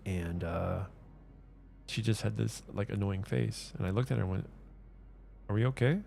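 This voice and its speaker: A man's voice: fairly low pitch, steady tone, moderate pace, creaky, mellow, slight background noise. A man streaming, telling a personal story in an earnest, rambling way with many restarts and repeated words. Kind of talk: casual livestream chat.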